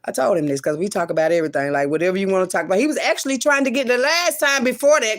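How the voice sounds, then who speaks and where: Profane, emphatic woman telling a personal story. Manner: profane, emphatic, many repeated refusals; swings between loud outbursts and low murmurs.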